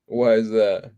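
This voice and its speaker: A man hosting a casual livestream, chatting and reading viewer comments aloud in a relaxed, drawling way. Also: lowish voice, vocal fry, clean tone, dull audio. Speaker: livestream host.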